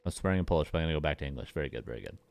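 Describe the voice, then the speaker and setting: A man's voice: extremely low pitch, expressive, racing, creaky, darkish tone. A man casting game replays live, joking and chatting with his viewers as he goes. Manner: joking, playful, chats with viewers. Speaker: caster.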